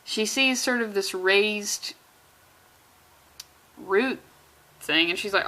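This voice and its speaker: A woman's voice: on the high side, unhurried, pauses often, pushed and bright. A young woman giving a rambling, sarcastic comic book commentary with profane asides. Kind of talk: casual comedic commentary.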